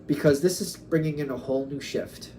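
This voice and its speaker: A man's voice: mid-range voice, fairly quick, warm tone, a little hiss or hum. A man giving a casual tarot reading, musing aloud and acting out quoted back-and-forths. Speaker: tarot reader.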